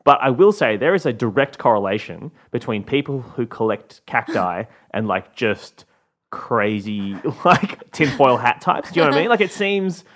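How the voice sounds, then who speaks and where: Rambling, animated Australian man. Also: mid-range voice, normal speed. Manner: rambling, full of restarts and "like", laughs often. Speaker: podcast co-host. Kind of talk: casual comedic chat.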